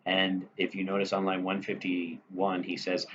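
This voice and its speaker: A man's voice: sits low, monotone, a little slow. A man teaching a literature lesson in a conversational way, reading quoted lines aloud and checking in with the listener. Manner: conversational, frequent "right?" check-ins. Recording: dull lo-fi recording with faint noise.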